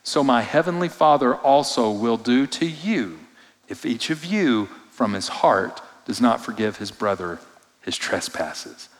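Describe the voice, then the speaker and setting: A male pastor at a middle pitch delivers a sermon, pressing hard on some phrases and dropping to a near hush on others. His voice rings out with the long reverb of a large church sanctuary. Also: a little slow. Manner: expressive, shifts between loud emphasis and hushed low delivery.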